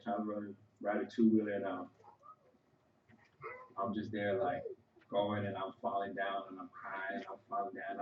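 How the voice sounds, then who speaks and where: A man's voice: medium pitch, echoey room, muffled recording. A man, a son, giving a conversational, story-filled eulogy for his father at a funeral. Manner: conversational and storytelling, with frequent "you know" asides. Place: church sanctuary.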